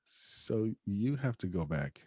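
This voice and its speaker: A man with a husky voice, a podcast guest telling a personal story casually, laughing often and acting out the lines of the people in it. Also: on the low side, big pitch swings, slow pace, mellow, dry recording. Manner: acts out quoted dialogue.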